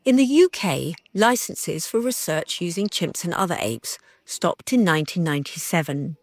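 A woman giving calm, measured scripted documentary narration. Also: on the low side, dry recording.

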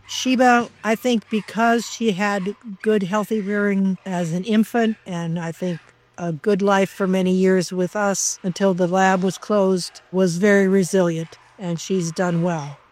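A woman's voice: medium pitch, fairly even intonation, a little slow, darkish tone. An older woman speaks in a documentary interview about her years as a researcher. She talks in a reflective, emotional way and comes close to tears. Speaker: former chimpanzee researcher.

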